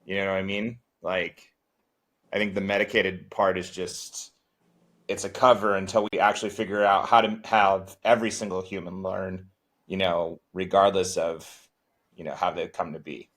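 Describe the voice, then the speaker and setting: Low-voiced guy teacher rambling thru a casual chat, lots of like and you know. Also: steady tone, moderate pace, a bit bright. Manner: rambling, heavy with filler words. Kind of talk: casual group discussion.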